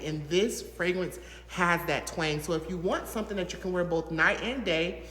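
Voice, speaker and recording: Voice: mid-range voice, fairly bright tone. Gushing reviewer in an echoey room. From Southern United States. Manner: gushing, enthusiastic, chatty with many fillers. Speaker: fragrance reviewer, channel host. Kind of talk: casual to-camera product review. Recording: echoey room with long reverb.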